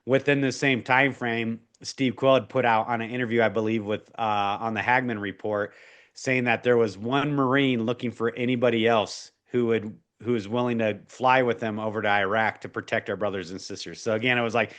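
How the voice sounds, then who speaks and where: A man's voice: mid-range voice, steady tone, fairly quick, fairly bright tone. A man in his forties, a guest in an interview, telling a personal faith story in an earnest, emotional way, full of restarts and fillers.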